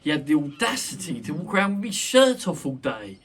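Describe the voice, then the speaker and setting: A man's voice: a little high, sing-song, fairly quick, fairly bright tone. A man hosting a casual podcast chat, boisterous, joking and sweary. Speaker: podcast host. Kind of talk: casual banter. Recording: distant mic with faint noise.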